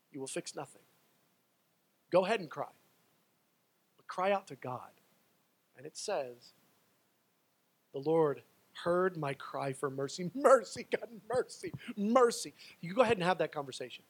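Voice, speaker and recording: A male pastor with a high-pitched voice delivers a sermon. He pushes into loud, pleading stretches, then drops to quiet, personal asides. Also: expressive, measured pace, pauses often.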